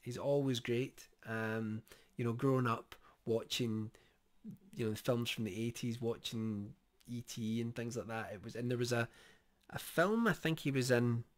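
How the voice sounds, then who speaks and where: A man's voice: mid-range voice, normal speed. A man giving a casual spoken review of a horror series, thoughtful and full of fillers and restarts.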